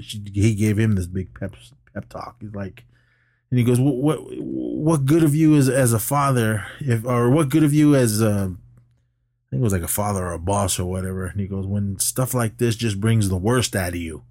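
Recapping a movie on a podcast, a man acts out the characters' dialogue with animated energy. His voice is fairly low and moderately paced, captured in a clean studio with no room sound.

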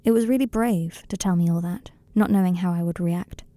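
A woman voicing a tender young man who calmly comforts his partner, in an audiobook-style fan fiction reading. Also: fairly low pitch, brisk, dry recording, close to an everyday voice. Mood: soothing. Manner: soft, soothing, hushed.

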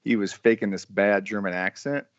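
A man's voice: lowish voice, moderate pace, no echo. Guy hosting a movie pod, jokey, keeps restarting words, dry dull sound. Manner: jokey, stumbles and repeats words. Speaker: podcast host. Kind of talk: casual movie podcast chat.

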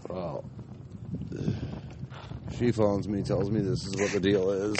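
A man's voice: sits low, little pitch movement, slow pace, very noisy. A young man casually telling a profane, rambling anecdote outdoors in his backyard. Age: young adult. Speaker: storyteller.

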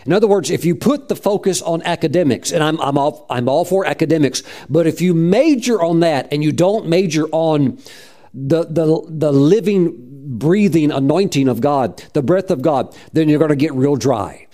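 A man's voice: a little high, expressive, moderate pace, mellow. A man preaching and telling his own story in a rambling, conversational way, with frequent restarts. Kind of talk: testimony sermon.

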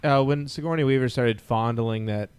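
A man's voice: mid-range voice, normal speed, a little mellow, slight background noise. A man joking and laughing through a casual film chat with friends. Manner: jokey, laughing. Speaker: podcast co-host. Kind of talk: casual movie discussion.

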